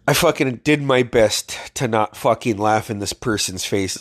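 A man's voice: lowish voice, measured pace, hardly any pauses, dry recording, studio quality. A man telling stories in a blunt, profane, ranting way, venting in a casual video diary while sick with covid. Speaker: vlogger.

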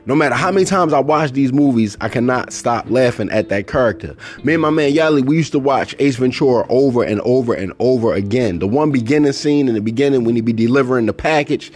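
A middle-aged man hosting a casual solo podcast, talking animatedly and acting out movie lines. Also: medium pitch. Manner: animated, quotes movie lines in put-on voices. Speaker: podcast host.

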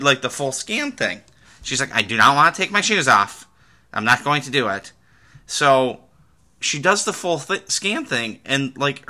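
With a sharp tone and medium pitch, this young man from the US Midwest runs a casual podcast on his own. He tells meandering stories, often restarting and filling gaps with filler words.

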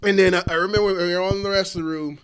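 A man in his forties telling animated stories in casual talk, laughing often and swearing freely. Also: high voice, very fast, smooth. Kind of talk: casual storytelling.

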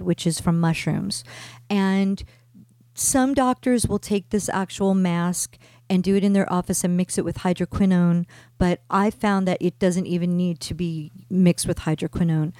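A woman's voice: lowish voice, normal speed, warm tone, dry recording. Woman host chatting away, eager and rambly, dry studio mic. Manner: enthusiastic, rambling, many fillers and restarts. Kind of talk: casual chat.

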